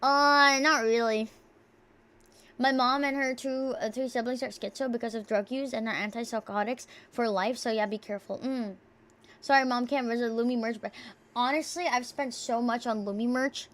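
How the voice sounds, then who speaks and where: A woman's voice: fairly high pitch, fairly even intonation, normal speed, fairly bright tone. A young woman from the United States streaming from home, chatting casually and reading viewer messages aloud in an offhand, profane, joking way. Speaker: livestreamer. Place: at home near neighbors.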